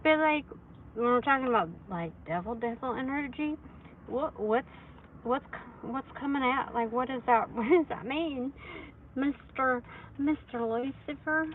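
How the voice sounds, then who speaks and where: A chatty woman with a fairly high voice gives a casual tarot reading on a phone livestream, wandering between thoughts with plenty of fillers. The audio is dull and lo-fi, with faint noise underneath. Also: a little slow. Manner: chatty, rambling, filler-heavy, laughs often. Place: hot room indoors.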